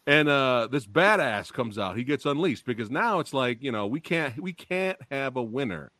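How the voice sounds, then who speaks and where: A man hosting a podcast interview, telling a story in an animated, excitable way, swearing freely. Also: mid-range voice, normal speed, no room sound. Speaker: podcast host.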